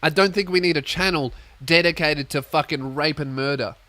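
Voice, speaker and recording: Young man ranting, sweary and bright. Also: a little high, normal speed. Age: young adult. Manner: swearing, animated, acts out voices. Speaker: comedian podcast host. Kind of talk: comic storytelling rant.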